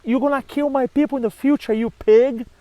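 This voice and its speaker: A man's voice: very high-pitched, expressive, fairly quick, darkish tone, no room sound, voice pushed up. A man voicing a young woman, a fierce prophetess, with a raised scornful voice in a told myth. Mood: furious.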